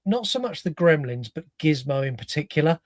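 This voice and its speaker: A man co-hosting a podcast, with a voice a bit higher than most men's. He talks in expressive casual chat, swears freely and acts out small lines as he tells them. The sound is dry and up close. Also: fairly quick, no room sound. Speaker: podcast co-host.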